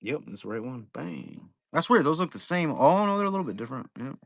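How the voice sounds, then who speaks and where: A man's voice: medium pitch, big pitch swings, fast, creaky, dry recording. A young man hosting a live card-break stream, chatting casually in a rambling, profane way.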